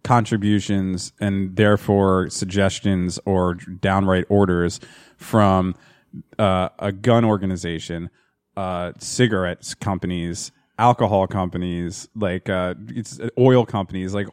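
Low-voiced guy on a podcast, swearing, cracking jokes, dry mic. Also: fairly even intonation, a little slow, darkish tone, clean tone, no room sound. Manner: profane, wisecracking, laughs often. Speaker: podcast co-host. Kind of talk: casual crude banter.

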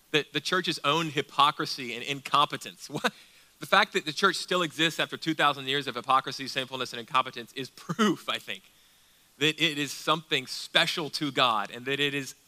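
A man preaching a sermon as pastor, asking rhetorical questions and dropping into quiet, intense passages. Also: mid-range voice.

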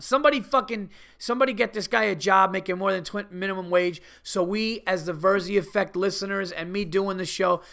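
A man with a high, gravelly voice rants on his podcast, loud and profane. His tone is bright and edgy, and he swears through every sentence. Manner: profane, heated ranting. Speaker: podcast host. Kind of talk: solo podcast rant.

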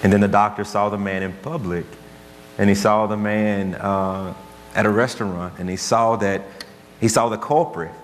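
A man's voice: lowish voice, level tone, normal speed. A man preaching a sermon as pastor, earnest and conversational, telling stories to make his point. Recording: long hall reverb, faint hum.

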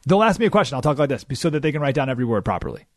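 A man's voice: mid-range voice, sing-song, rapid-fire, no room sound. A man hosting a radio talk show, delivering an emphatic, sarcastic opinion monologue from a studio.

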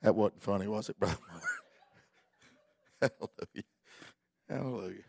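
A man preaching a sermon in a folksy, colloquial storytelling manner, building up to fervent, near-shouted exhortations. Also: lowish voice, normal speed, vocal fry, husky, no echo.

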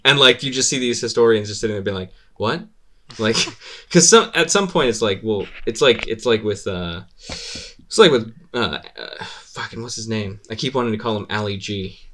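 A man with a fairly low voice chats loosely on a podcast. He rambles through stories, swears freely and laughs often as he goes. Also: expressive, normal speed, a bit bright, a little hiss or hum. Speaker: podcast host. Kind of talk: casual podcast chat.

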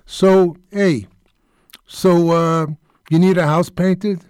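A man's voice: high-pitched, fairly even intonation, slow pace, darkish tone, smooth, no echo, studio quality, pitched above the performer's own voice. A man doing an impression of a pushy older male tough-guy actor who repeats himself in a streetwise way.

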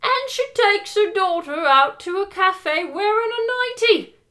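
A woman doing a shrill prim British housewife. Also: lively intonation, unhurried, sharp tone, exaggerated voice. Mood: indignant. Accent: put-on British, Monty Python charwoman style. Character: fussy older British housewife, prim and scolding.

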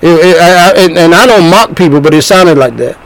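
A man delivers an emphatic sermon in a notably high voice. He circles back on his words, repeating phrases as he drives each point home. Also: fairly quick, low-quality recording. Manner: emphatic, animated, repeats himself. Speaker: preacher.

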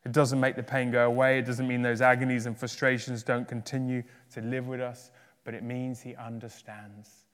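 A man preaching a sermon, swinging from loud emphatic peaks to hushed, low endings. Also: little pitch movement, moderate pace. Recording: long reverb of a large hall.

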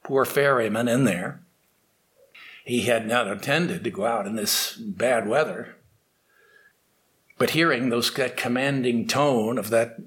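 A man telling a story aloud, unscripted, with restarts and slowed dramatic pacing. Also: medium pitch, fairly bright tone. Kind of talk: oral storytelling.

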